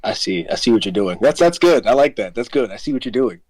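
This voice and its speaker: A man's voice: mid-range voice, sing-song, quick pace, darkish tone, rough recording. A man narrating a tabletop game as game master, joking and punning. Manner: jokey, punning, laughs often.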